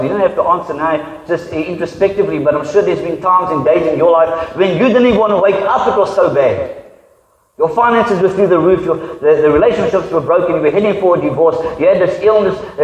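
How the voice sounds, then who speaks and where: A man delivers a sermon in an easy, conversational way, slipping into the voices of the people he quotes. His voice sits a little high. The recording is dull and carries the long echo of a church hall. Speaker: pastor. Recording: echoey hall, dull sound.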